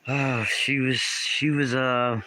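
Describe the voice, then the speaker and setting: A man's voice: mid-range voice, little pitch movement, slow, bright, forceful tone, no room sound, low-quality recording. A man hosting a casual livestream from home, greeting viewers by name and puzzling over their comments. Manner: reads out and answers viewer comments, often confused. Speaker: livestream host.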